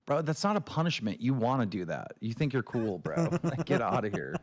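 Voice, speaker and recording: A man hosting a livestream, telling a long story in a ranting, swearing way and mimicking others in shrill voices. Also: big pitch swings, brisk. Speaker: show host. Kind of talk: casual livestream chat.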